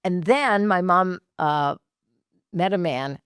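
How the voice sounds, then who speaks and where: A woman therapist from Massachusetts, a guest on a podcast, who talks in an animated, laughing way and tells stories with enthusiasm. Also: lowish voice, slow, clean tone, no echo, clean studio sound. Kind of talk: casual podcast interview.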